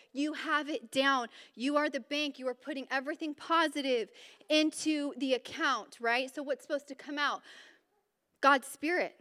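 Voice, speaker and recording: A woman with a high, bright voice preaches in a casual, chatty way and keeps slipping into energetic bursts of emphasis. Her talk rings out with a long hall echo behind it. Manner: informal and chatty, with fillers and restarts. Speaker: women's Bible study speaker. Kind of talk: conversational sermon. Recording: reverberant hall sound.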